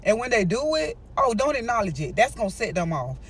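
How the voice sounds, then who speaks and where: A woman's voice: a little high, sing-song, a little fast, husky. A woman narrating a storytime in a chatty, emphatic way, breaking off to lecture her listeners.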